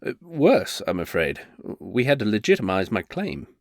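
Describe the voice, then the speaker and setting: A man's voice: lowish voice, huge pitch swings, moderate pace, creaky, no echo, studio quality, full character voice. A man voicing a flustered male bard turned reluctant duke, who stammers and hesitates nervously.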